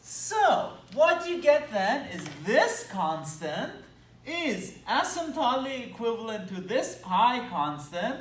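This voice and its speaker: A man's voice: extremely high pitch, very animated, takes it slowly. A man with a Belgian accent teaching math at a whiteboard, talking with enthusiasm and playful asides. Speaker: math lecturer. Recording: echoey room, mic at a distance.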